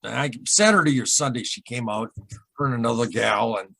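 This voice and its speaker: Husky man telling a rambling story. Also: medium pitch, pushed and bright, no echo. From Michigan, USA. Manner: rambling, halting, with many repeated starts and asides. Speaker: interview guest recounting a UFO encounter. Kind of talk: emotional storytelling in a casual interview.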